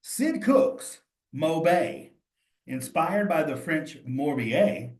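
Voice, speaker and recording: A man's voice: a little high, expressive, very slow, darkish tone, echoey room. A man leading a cheese exam study session, reasoning through quiz answers aloud in a casual, encouraging way.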